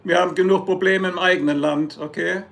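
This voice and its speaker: A man's voice: sits high, steady tone, fast, gravelly, fairly bright tone. A German man with a German accent, hosting a casual live stream, joking and rambling as he answers chat. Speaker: livestream host.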